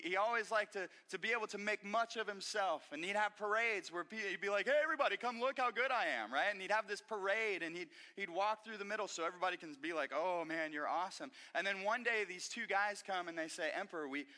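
A male pastor preaching a sermon in an animated, emphatic way, often restarting his phrases. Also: high voice. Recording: echoey hall reverb.

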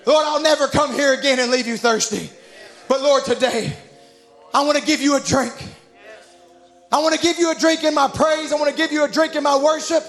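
A man preaching a Pentecostal sermon in a church, building from quiet teaching to shouted, rhythmic calls. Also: extremely high pitch, normal speed.

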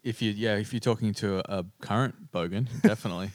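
A man with an Australian accent, chatting casually as a podcast co-host, relaxed with plenty of fillers and restarts. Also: lowish voice, fast talker, no room sound, clean studio sound. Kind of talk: casual chat.

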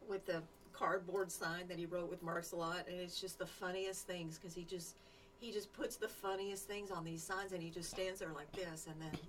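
A woman's voice: fairly low pitch, fairly even intonation, normal speed, distant mic, a little hiss or hum, rough recording. A woman co-hosting a radio show, chatting casually in a rambling way. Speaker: radio co-host. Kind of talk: casual chat.

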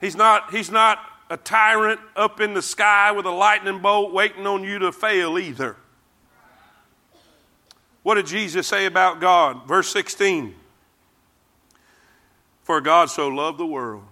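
High, bright-voiced man preaching. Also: steady tone, unhurried. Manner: emphatic, repeats phrases, calls congregation to respond. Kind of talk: sermon.

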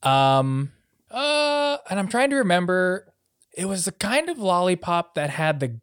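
A man's voice: high voice, very animated, unhurried, fairly bright tone, clean tone, dry recording, clean studio sound. A young man co-hosting a podcast, chatting casually and often stumbling over and repeating his words. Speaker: podcast co-host. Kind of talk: casual chat.

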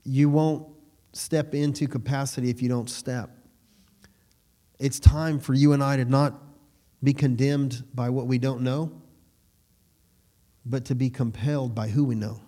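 A man's voice: mid-range voice, fairly even intonation, a little slow, long pauses, warm tone. A man preaching a sermon in a conversational way, laughing between points and asking the room if they follow. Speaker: pastor.

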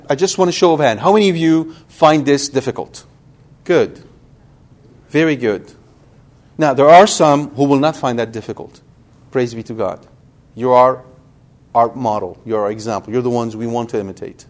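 A priest teaching a Bible study in a conversational way, speaking directly to his listeners and asking them questions. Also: medium pitch. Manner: lively, talks directly to the audience with questions.

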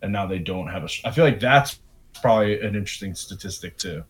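A young man co-hosting a podcast, telling profane, animated stories in casual chat. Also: fairly low pitch, fast, a loud crowd. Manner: profane, laughing, animated storytelling. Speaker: podcast co-host.

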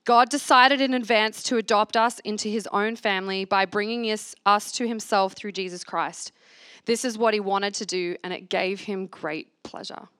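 A woman leads a church reflection at a church gathering, reading scripture aloud and earnestly asking listeners to repeat affirmations after her in a call-and-response sermon. Her mid-range voice has a fairly bright tone, recorded with studio quality and no echo.

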